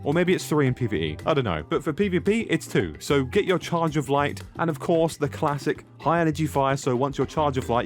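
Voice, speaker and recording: A man hosting a casual gaming video, jokey and rambling, talking back to his viewers. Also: medium pitch.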